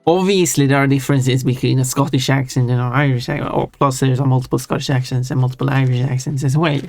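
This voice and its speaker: A man's voice: medium pitch, steady tone, quick pace. A man chatting casually on a stream while reading chat, rambling and often restarting his words. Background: soft chill music.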